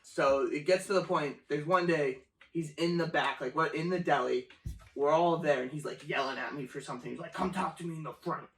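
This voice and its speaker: The speaker is a young male guest, fairly high-pitched and a touch fast, recounting tales from his job in relaxed conversation. Frequent swearing and laughter run through it, recorded from a distance in an echoey space.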